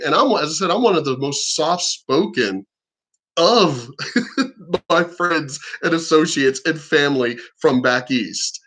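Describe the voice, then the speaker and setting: An East Coast vlogger, a man with a fairly high, slightly bright voice, rants bluntly and curses freely. He's expressive and animated but unhurried in this casual profane tirade.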